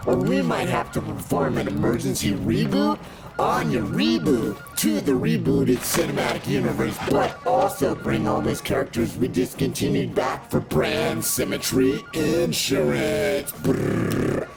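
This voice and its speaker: A man doing a smug male studio boss on a voicemail, rasping in a gravelly half-whisper that sits low. He sneers and mocks as he talks. Loud music plays underneath. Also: very animated, unhurried, long pauses, heavily acted. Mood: sneering. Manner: sneering and mocking.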